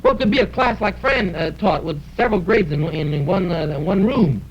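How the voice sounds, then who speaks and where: A playful, boastful dragon puppet coaxes and rambles in a lively, bouncing voice full of hesitations. The sound is a dull, muffled 1950s TV recording with a faint hiss. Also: male voice, sits high, a little fast. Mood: coaxing. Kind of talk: 1950s live puppet television.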